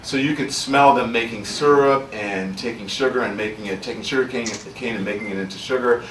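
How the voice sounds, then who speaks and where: His voice medium-pitched, brisk and fairly bright, a man from Louisiana addresses the audience at his book signing. As an author, he tells his story candidly, in an earnest and reflective way. The recording is distant and roomy, with faint ambience and slight hiss or hum.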